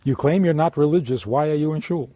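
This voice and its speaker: A man, a rabbi, giving an informal teaching talk to a small audience, speaking in an animated way and acting out little dialogues. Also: a little high, fast talker, dry recording. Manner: animated, plays out dialogues, chuckles.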